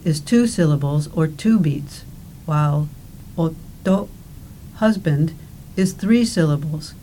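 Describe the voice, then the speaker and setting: A woman reads a language lesson in a measured, carefully enunciated way. Her voice sits a little low and sounds warm and mellow. She moves through each point slowly and deliberately. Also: slight background noise, rough recording. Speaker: language course narrator. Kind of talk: scripted instructional narration.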